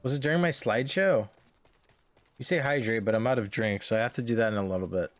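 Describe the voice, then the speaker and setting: A man's voice: medium pitch, quick pace, no echo, soft background music. A man casually commenting while live-streaming a game, offhand and joking.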